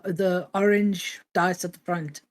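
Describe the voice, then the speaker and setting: A woman's voice: on the low side, fairly even intonation, a little slow. A woman playing in a tabletop game stream, talking casually and asking hesitant questions. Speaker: player.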